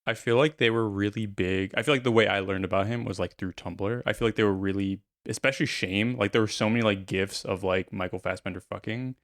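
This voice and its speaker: A man's voice: lowish voice, fairly even intonation, a little fast, hardly any pauses, fairly bright tone, no echo, studio quality. A man co-hosting a film podcast, talking hesitantly with many fillers and restarts. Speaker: podcast co-host. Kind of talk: casual podcast chat.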